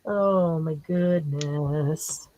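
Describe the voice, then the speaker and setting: Lady doing a crafting livestream, talks slow, giggles a lot, just chatting with chat. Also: low-pitched, dark tone, low-quality recording. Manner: giggly, laughs often while talking. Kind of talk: casual livestream chat, reading viewer comments aloud.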